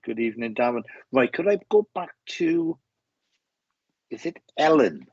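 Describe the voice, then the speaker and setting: Husky Welsh man with halting speech. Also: medium pitch, animated, a little mellow, no room sound, dull audio. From Wales. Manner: halting, repeats words and restarts often. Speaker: medium giving live readings. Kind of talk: live-stream readings to viewers.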